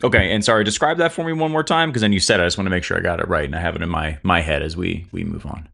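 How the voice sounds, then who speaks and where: A man's voice: deep voice, racing, vocal fry, sharp tone. A man narrating a tabletop game as game master, rambling with many fillers.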